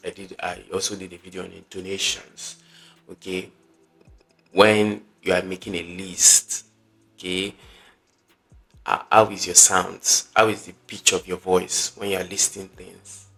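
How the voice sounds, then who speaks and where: Deep-voiced man teaching exam prep. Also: fairly bright tone. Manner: chatty teacher, peppers talk with okay and right; emphatic, repeats key points. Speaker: exam tutor. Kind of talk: online exam-prep lesson.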